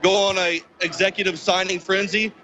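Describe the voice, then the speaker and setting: Field reporter, male, bright and forceful tone, higher voice, upbeat. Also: little pitch movement, normal speed, slight background noise, rough recording.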